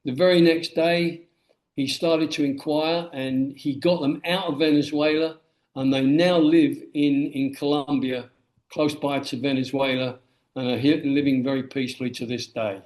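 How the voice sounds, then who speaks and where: A man's voice: medium pitch, normal speed. Man telling stories in a roomy echo. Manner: animated storyteller who acts out quoted dialogue. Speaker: guest, memoir author. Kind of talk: storytelling interview answer.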